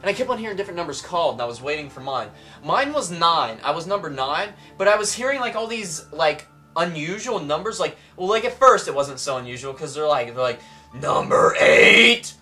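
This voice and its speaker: A young man tells a wildly exaggerated story in a bright, rather high voice, piling up "like"s as he rambles. Faint music plays behind him. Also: sing-song, fast talker. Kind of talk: comic storytelling to camera.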